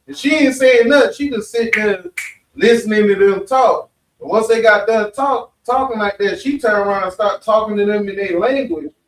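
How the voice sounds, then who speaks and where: Man, high pitch, informal preaching, blunt and profane, echoey room, distant mic. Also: normal speed. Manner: blunt, profane, conversational with frequent asides. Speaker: speaker at a religious study meeting.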